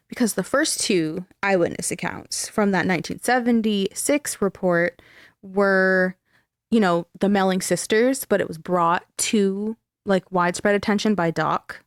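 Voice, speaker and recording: A young woman hosting a podcast, talking loosely and swearing as she walks through a spooky tale. Her voice sits at an ordinary middle pitch. The recording is dry and close, with no room sound. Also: measured pace, no room sound. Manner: chatty, swears freely, tells the story. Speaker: podcast host. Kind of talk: casual chat.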